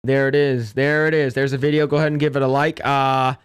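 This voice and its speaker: A man hosting a casual livestream, reacting with loud exclamations and low mutters. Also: level tone, brisk, clean tone. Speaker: streamer and podcast host.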